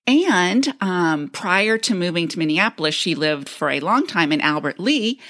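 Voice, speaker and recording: Low-voiced woman co-host sharing research. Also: lively intonation, normal speed, fairly bright tone. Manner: enthusiastic, storytelling. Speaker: podcast co-host. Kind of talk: casual chat, reading researched notes.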